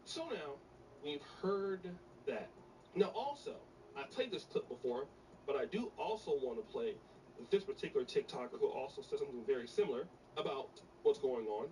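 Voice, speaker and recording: Man, commentary host, lively pitch, emphatic repeats, distant mic, faint noise. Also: normal speed. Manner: repetitive, emphatic. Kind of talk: casual commentary with clips.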